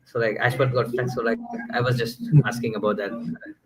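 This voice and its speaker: Male co-host, halting flat delivery, faint background noise. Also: mid-range voice. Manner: hesitant, filler-heavy. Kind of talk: casual podcast chat.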